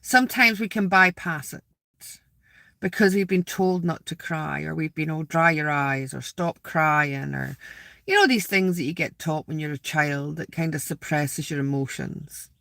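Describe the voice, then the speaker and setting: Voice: mid-range voice, lively intonation, normal speed, creaky, a bit bright, no room sound, studio quality. A spiritual vlogger sitting outdoors in a graveyard, rambling casually to viewers, repeating words and asking them questions.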